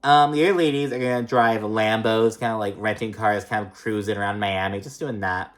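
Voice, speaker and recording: Recap vlogger: casual, profane, filler-heavy, mid-range voice, animated when mimicking the cast. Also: mid-range voice, brisk. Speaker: reality TV recap host. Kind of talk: casual gossipy episode recap.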